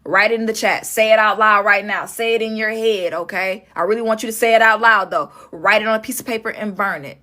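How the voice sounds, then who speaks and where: A woman's voice: mid-range voice, fairly even intonation, a little fast, few pauses, pushed and bright. A woman doing a casual tarot reading, talking straight to her viewers with emphatic repetition. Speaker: tarot reader.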